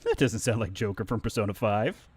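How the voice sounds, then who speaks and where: A man's voice: fairly low pitch, brisk, husky. A man streaming live, chatting casually and animatedly as he tells stories about voice acting. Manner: animated storyteller who slips into voices. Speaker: streamer and voice actor.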